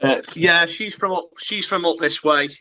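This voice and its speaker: A man from Cheshire with a northern English accent hosts a relaxed online chat, calling his guest "bro". His voice sits high and sounds very sharp and bright. The audio is dull and lo-fi. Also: normal speed. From Cheshire, England. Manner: laid-back, matey, calls guest bro. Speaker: host. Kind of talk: casual online interview chat.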